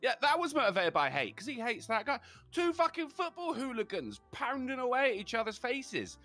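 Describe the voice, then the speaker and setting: A man's voice: extremely high pitch, sing-song, normal speed, sharp tone, faint music behind. A man co-hosting a casual comedy chat, ranting and firing off crude jokes. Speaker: podcast co-host.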